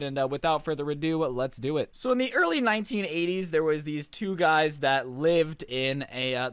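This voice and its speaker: A man's voice: a little high, fairly bright tone, smooth, dry recording. A young man casually telling a true-crime story, rambling and jokey with wry asides. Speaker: YouTube storyteller.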